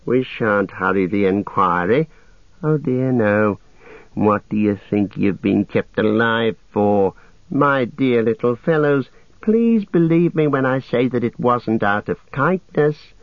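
A man voicing a sly, menacing male goblin who speaks in a slow, soft hissing whisper. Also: mid-range voice, expressive, no echo. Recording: tinny phone-like sound.

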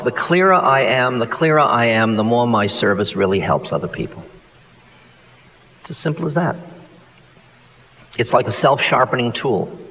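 A man speaks in a reflective, personal way during a spiritual talk and repeats phrases for emphasis. His voice has a long reverb tail from a large hall. The sound is muffled and lo-fi, like an old tape. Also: medium pitch. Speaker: spiritual teacher.

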